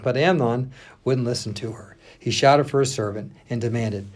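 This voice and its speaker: Pastor reading scripture with lively expression. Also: male voice, medium pitch, a little fast. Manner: lively expressive reading, stops to check names. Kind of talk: reading scripture aloud on a podcast.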